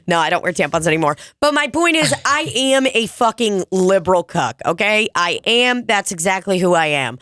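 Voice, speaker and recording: A woman co-hosts a casual podcast, speaking bluntly and swearing freely. Her voice sits at an ordinary pitch. The recording is dry and close. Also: very animated, normal speed, fairly bright tone, no echo. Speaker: podcast co-host.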